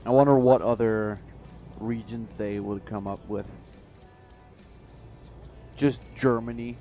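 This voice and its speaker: A man's voice: lowish voice, fairly even intonation, mellow, lo-fi sound, faint music behind. A man chatting casually on a stream, rambling and swearing with frequent restarts. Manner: rambling, profane, halting restarts.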